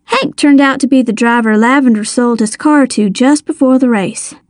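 A woman reading a first-person novel aloud with lively, expressive storytelling. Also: fairly high pitch, normal speed, no echo, clean studio sound. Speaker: audiobook narrator. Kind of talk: scripted first-person narration.

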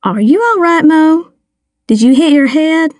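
A woman's voice: high-pitched, animated, unhurried, no echo, clean studio sound, pitched above the performer's own voice. A woman voicing a prim, poised schoolteacher who speaks politely and corrects grammar. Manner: polite, correcting, gently reserved.

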